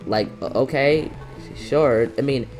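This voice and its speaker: A young man giving a casual movie review on camera, excitable and rambling, often restarting his sentences. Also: medium pitch, slow pace, faint music behind. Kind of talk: casual reaction rant. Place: indoors, filming himself.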